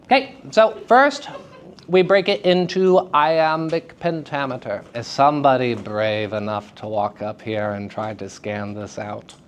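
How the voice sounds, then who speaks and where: A man giving a live drama workshop to high school students, chatty and self-deprecating, often turning to the class with questions. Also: measured pace, a little hiss or hum.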